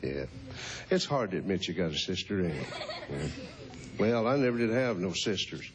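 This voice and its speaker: A man's voice: low voice, sing-song, normal speed, muffled recording. A folksy man in his fifties, teasing and chuckling as he chats with kids. His voice rises and falls a lot, over a faint hiss of background noise. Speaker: host. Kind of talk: casual chat with children.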